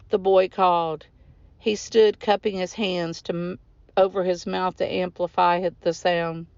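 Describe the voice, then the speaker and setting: A woman author reading her own novel aloud in steady, measured narration. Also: fairly low pitch, creaky, smooth, dry recording. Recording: dull lo-fi recording.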